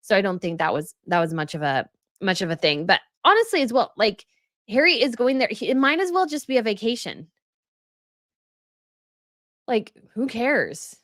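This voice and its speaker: Young woman hosting a home livestream, chatty, reads out viewer comments, animated pitch, dry close sound. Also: normal speed, pauses often, no room sound. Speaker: royal news livestream host. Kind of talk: casual livestream chat reading comments. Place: home setup.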